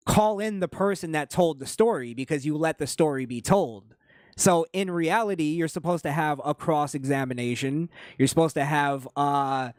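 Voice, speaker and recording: A man's voice: fairly high pitch, dry recording, clean studio sound. A man hosting a podcast, giving opinionated political commentary in an emphatic way, repeating his points with frequent restarts. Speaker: podcast host.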